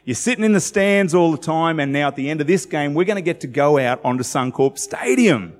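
A man's voice: a little high, lively intonation, brisk. Male pastor, 40s, Australian accent, conversational sermon delivery, recorded in a reverberant hall. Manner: conversational, asks the congregation questions.

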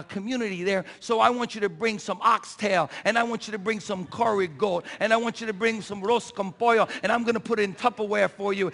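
A man preaching an impassioned sermon, building to shouted peaks with a repetitive cadence. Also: very high voice, vocal fry, in a large hall.

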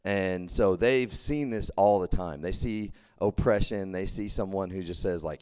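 Low-pitched and a little mellow, the young Texan preacher's clean voice keeps a moderate pace with hardly any pauses. He's leading a casual youth sermon for a campus ministry, chatty and full of "like" and restarts.

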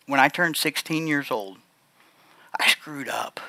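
A man giving a heartfelt personal testimony to a congregation, speaking earnestly and haltingly, often restarting his sentences. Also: a little high, vocal fry, bright, forceful tone, no room sound. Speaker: church speaker sharing a testimony.

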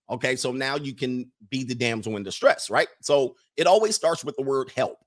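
A video commentator talks over film clips in a casual, chatty way, dropping into character voices and repeating himself. He's animated, with a medium-pitched voice and a normal pace.

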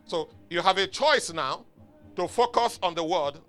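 High, bright-voiced emphatic male pastor. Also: animated, a little slow. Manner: emphatic, exhorting, calls for congregation responses. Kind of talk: sermon. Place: church. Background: faint music from outside.

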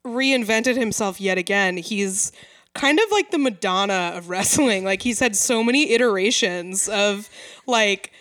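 A woman's voice: mid-range voice, unhurried, fairly bright tone, no room sound. Woman co-host, easygoing chatter, dry close-mic recording. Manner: chatty, many "like" fillers, laughs at own jokes. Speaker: podcast co-host. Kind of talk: casual chat.

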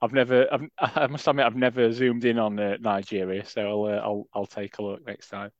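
A man's voice: mid-range voice, little pitch movement, dry recording, muffled recording. A man co-hosting a casual football podcast, sarcastic and jokey. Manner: sarcastic, jokey, quick asides. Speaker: podcast co-host.

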